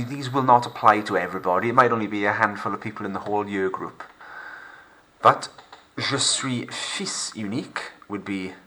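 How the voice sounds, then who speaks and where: Male teacher, deep bright voice, narrating a recorded French lesson with careful, slow pronunciation. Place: home recording for lockdown learning.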